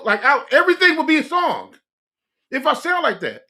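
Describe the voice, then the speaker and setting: A young man hosting a music reaction, chatting casually in an excitable, rambling way full of "like". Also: very high-pitched, moderate pace. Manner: excitable, rambling, fills speech with "like".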